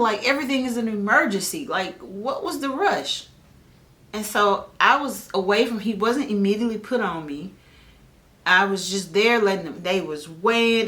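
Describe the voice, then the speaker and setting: A woman, casually telling her own birth story on a family vlog, animated, and jumping her voice up when she imitates other people. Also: medium pitch. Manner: animated, mimics others with a raised voice. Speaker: vlogger and mother.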